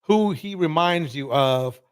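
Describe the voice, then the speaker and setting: A man hosts a casual live stream, teasing and talking straight to his listeners. His voice sits on the higher side for a man. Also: lively intonation, takes it slowly, clean tone. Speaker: livestream host.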